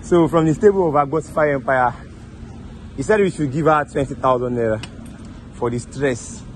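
A man's voice: medium pitch, normal speed, slight background noise, poor audio. A man with a Nigerian accent hosting a prank video outdoors, repeating himself in an apologetic, soothing way and laughing often. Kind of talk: casual prank banter.

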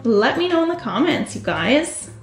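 A woman hosting a toy unboxing video, gushing with excitement and talking straight to her viewers. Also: sits high, moderate pace. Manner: gushing, excitable, talks to viewers as "you guys". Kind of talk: casual unboxing commentary. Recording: echoey room with faint music.

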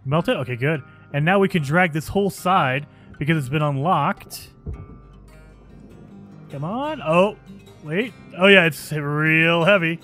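Over soft background music, a man running a gaming channel offers excitable let's play commentary and thinks out loud while playing. His pitch is fairly high, but he keeps a measured pace.

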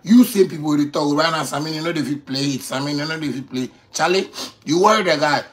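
A man in his thirties rants with swagger in Ghanaian Pidgin English, and his voice sits fairly high. He hammers his points by repeating phrases. He drops to near-mutters, then climbs back to loud boasts. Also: fast talker. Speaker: musician addressing critics. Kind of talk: boastful off-the-cuff rant.

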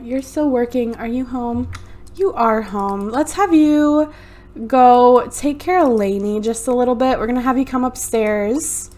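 A woman's voice: a little high, a little mellow. A woman hosting a let's play, chatty and narrating each move on a USB desktop mic. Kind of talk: casual gameplay commentary.

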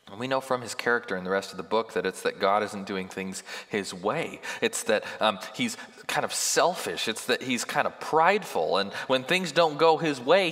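Man, pastor, sermon, bright tense tone, long church reverb, conversational, builds to emphatic peaks. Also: mid-range voice. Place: church sanctuary.

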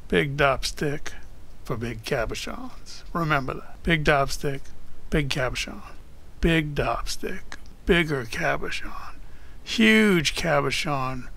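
A man hosting a casual how-to video, talking in a jokey, deliberate way. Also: fairly high pitch, vocal fry, a bit bright. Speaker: opal cutter and channel host. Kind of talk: casual instructional vlog.

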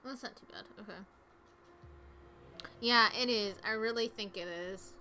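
A woman chatting excitably to viewers while streaming a video game. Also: on the high side, unhurried, a little hiss or hum. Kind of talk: casual gameplay commentary.

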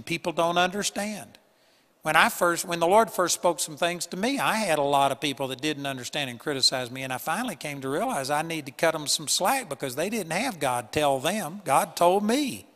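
A man preaching a sermon in an earnest, emphatic way, with sudden loud bursts on key points. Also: a little high, expressive, a little fast, in a large hall. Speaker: pastor. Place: church hall with a live audience.

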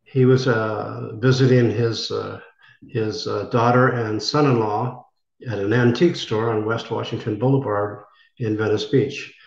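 A man's voice: fairly low pitch, steady tone, measured pace, vocal fry. Older man telling stories in a roomy space. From United States. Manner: rambling, acts out quoted voices. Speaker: actor, interview guest. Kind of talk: conversational storytelling. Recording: roomy, dull lo-fi sound.

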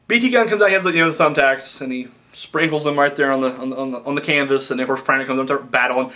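A young man giving a rambling, excitable review of a wrestling show, swearing freely and correcting himself as he goes. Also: a little high. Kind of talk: casual spoken review.

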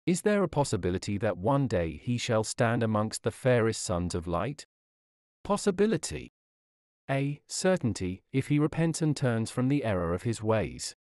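A man's voice: fairly low pitch, big pitch swings, normal speed, few pauses, a little mellow, smooth, no room sound, clean studio sound. A man reading an old-fashioned sermon aloud in an earnest, formal preaching manner. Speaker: sermon reader. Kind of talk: read Victorian sermon.

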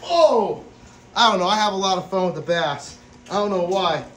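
A man hosting a casual vlog at an exotic pet store, excitable, often bursting into laughter and loud exclamations while feeding animals. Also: high-pitched, fast talker, a little hiss or hum. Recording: echoey room.

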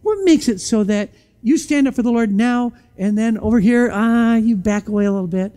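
A pastor preaching in church with a mellow, warm tone at a middling pitch. The delivery is animated, full of pointed rhetorical questions, with sudden drops to a hushed low voice for emphasis. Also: moderate pace, clear, resonant tone. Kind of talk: sermon.

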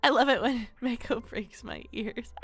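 A woman streaming a game, chatting casually with viewers, giggling often and breaking into loud, excited outbursts. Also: a little high, unhurried, gravelly, soft background music. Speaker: VTuber streamer. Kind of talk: casual chat while gaming.

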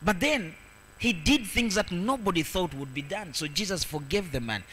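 High, bright-voiced preaching pastor. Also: male voice, lively intonation, normal speed, slight background noise, low-quality recording. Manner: emphatic preaching, swinging between loud declarations and soft asides; reads scripture aloud and repeats verses for emphasis. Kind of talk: sermon.

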